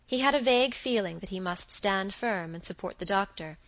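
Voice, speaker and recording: A woman reads a novel aloud as an audiobook, in a measured and expressive way. Her voice is bright and clear, and the recording sounds slightly dull. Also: medium pitch, dry recording. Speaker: audiobook narrator. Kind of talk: scripted narration of a novel.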